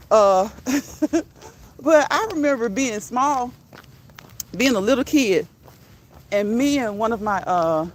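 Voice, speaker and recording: Walking outdoors in the countryside, this woman from the northern United States films a casual walk-and-talk vlog in a slightly high voice. There's a bit of background noise as she laughs a lot and repeats words for fun.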